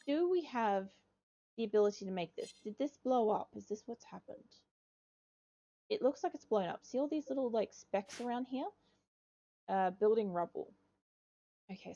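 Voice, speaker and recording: A woman's voice: mid-range voice, warm tone. A young woman giving casual gameplay commentary as a streamer, rambling chattily, swearing and scolding her game characters.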